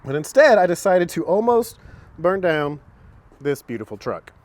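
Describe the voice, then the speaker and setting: A man's voice: on the high side, big pitch swings, moderate pace, darkish tone. A man casually talking through a car repair in a vlog, chatty and self-mocking, recorded outdoors by a truck on a camera mic. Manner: chatty, self-mocking, gets long-winded.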